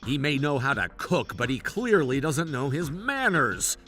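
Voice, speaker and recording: Padre un uomo paziente e trattenuto. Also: male voice, medium pitch, very animated, unhurried, bright, forceful tone, soft background music. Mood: frustrated. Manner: restrained, earnest, simmering frustration. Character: patient father taking his daughter to dinner. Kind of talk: animated story voice acting.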